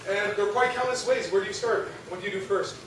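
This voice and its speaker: High-voiced young man lecturing in a hall. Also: fast talker. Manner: conversational, asks the audience, frequent rhetorical "right?". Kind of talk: religious youth talk. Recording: echoey hall from far off, noisy.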